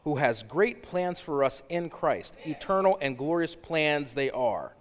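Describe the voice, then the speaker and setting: A man preaching a sermon in an animated, casual way, slipping into slang and rising to shouts. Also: a little high, measured pace. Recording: long hall reverb.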